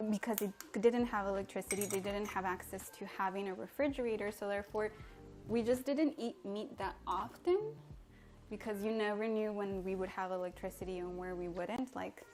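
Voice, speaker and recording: A young woman from Mexico, chatting casually and giggling as she cooks and answers viewer comments on a home livestream. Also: mid-range voice. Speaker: livestream host. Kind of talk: casual live-stream chat while cooking. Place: home kitchen.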